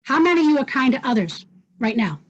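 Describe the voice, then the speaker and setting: A woman's voice: high voice, very animated, quick pace. A woman teaching an online wellness class, direct and challenging, checking in with the group with frequent questions. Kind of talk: live online class talk. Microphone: video call. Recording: dull lo-fi video call audio.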